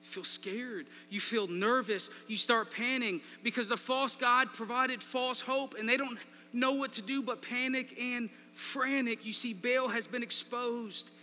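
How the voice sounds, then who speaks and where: A man preaching a sermon, swinging between loud emphasis and quiet asides. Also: very high voice, steady tone, a little slow. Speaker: pastor. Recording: long reverb in a large hall, faint mains hum.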